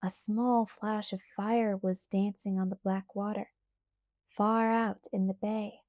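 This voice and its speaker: A woman narrating an audiobook in a calm, measured first-person reading. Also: mid-range voice, no room sound, studio quality. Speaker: audiobook reader.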